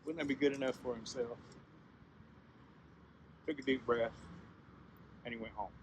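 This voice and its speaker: A man telling a traditional story in a conversational, animated way, often turning to address his listeners directly. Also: mid-range voice, normal speed, a little hiss or hum. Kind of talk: oral storytelling.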